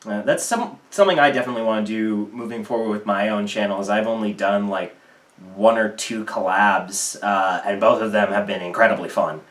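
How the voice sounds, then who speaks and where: A man's voice: on the low side, brisk, fairly bright tone. Laid-back man host, echoey room. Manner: laid-back, lots of short back-channel replies. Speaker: interview host. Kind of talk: casual interview chat. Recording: roomy echo.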